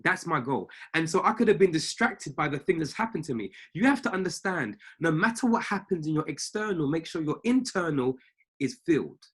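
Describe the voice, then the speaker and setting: A man's voice: a little high, sing-song, brisk, a bit bright, husky. A man coaching traders on a live call from a family home, preaching in an emphatic way and repeating his key phrases. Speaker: trading mindset coach.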